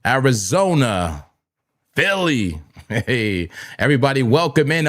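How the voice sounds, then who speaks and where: A man from New Jersey with a Jersey accent, hosting a live trading stream, hyped and repetitive, giving shout-outs and laughing often. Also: medium pitch, lively intonation, moderate pace. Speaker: crypto trading livestream host. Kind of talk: live-stream chat and market talk.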